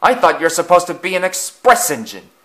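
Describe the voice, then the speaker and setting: A man's voice: high-pitched, big pitch swings, fairly quick, bright, forceful tone, voice pushed up, exaggerated voice. A man voicing a sneering male steam engine that wheezes as it mocks others in a storybook reading. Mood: scornful.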